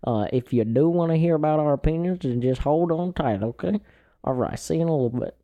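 A man's voice: a little high, fast, phone-quality sound. A man with a Southern US accent, chatting on a podcast in a rambling, folksy, playfully boastful way. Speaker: podcast co-host. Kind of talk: casual podcast chat.

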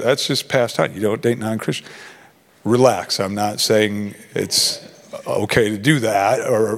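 A man preaching to a youth ministry in a conversational way, often acting out short quoted exchanges. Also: mid-range voice. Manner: conversational, acts out quoted dialogue. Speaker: pastor. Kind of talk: sermon. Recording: long hall reverb.

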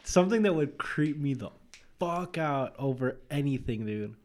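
A man's voice: medium pitch, animated, moderate pace, darkish tone. A man chatting casually and bluntly, swearing freely. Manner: blunt, profane. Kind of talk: casual chat.

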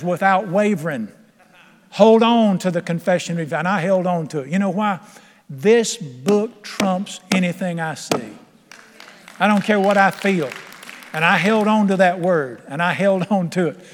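A man's voice: sits high, lively intonation, a little slow, pauses often, slight background noise. A man, older, preaching a folksy, emphatic sermon and laughing along with his own stories. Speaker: pastor. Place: church sanctuary. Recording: long hall reverb.

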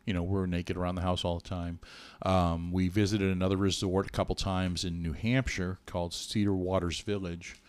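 Low-voiced man telling a heartfelt story. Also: moderate pace, dry recording. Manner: earnest, animated storyteller with restarts. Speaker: podcast co-host. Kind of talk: casual storytelling chat.

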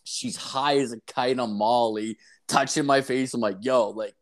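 A man's voice: medium pitch, steady tone, moderate pace. A young man in casual chat, rambling through a story with constant swearing and filler words.

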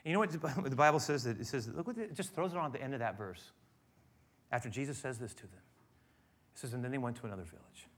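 A man preaching a sermon, moving between quiet storytelling and loud, emphatic passages. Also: mid-range voice, animated, fast, long pauses, a little hiss or hum. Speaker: pastor.

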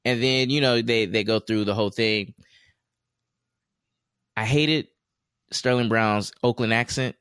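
A man's voice: medium pitch, a little slow, long pauses, clear, resonant tone, no echo. Casual man chatting, dry close sound. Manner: relaxed, rambling with many fillers and restarts. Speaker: podcast co-host. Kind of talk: casual chat.

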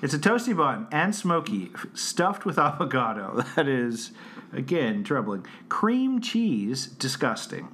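A man's voice: mid-range voice, big pitch swings, a bit bright. A man co-hosting a casual podcast who reads a menu aloud with jokes and frequent laughter. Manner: jokey, laughs often, drawn-out reading. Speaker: podcast co-host.

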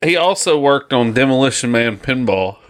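A man in his thirties, co-hosting a podcast in casual, jokey chat that rambles. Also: normal speed. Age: 30s. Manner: rambling and jokey, lively pitch. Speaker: podcast co-host.

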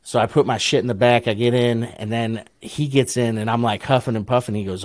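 A man's voice: mid-range voice, expressive, moderate pace, darkish tone, no room sound. A middle-aged man with an Ohio accent, telling a long story on a podcast in a laid-back, profane way and laughing often. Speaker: podcast co-host. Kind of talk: casual chat, storytelling.

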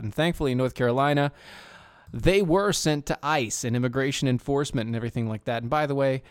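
A man's voice: mid-range voice, clear, resonant tone, no echo, studio quality. A man hosting a casual political commentary podcast, sarcastic and rambling with many restarts. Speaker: podcast host.

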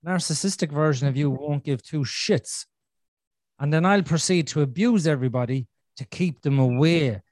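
A podcast host with a slightly high, somewhat mellow voice chats candidly at normal speed in a dry recording. He's blunt, swears freely, and repeats himself to drive points home.

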